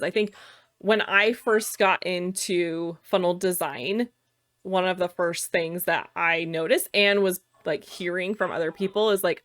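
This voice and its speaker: A woman's voice: on the low side, fairly bright tone. A woman co-hosting a casual chat, thinking aloud with fillers and laughing often. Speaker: co-host. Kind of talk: casual chat while sharing screen.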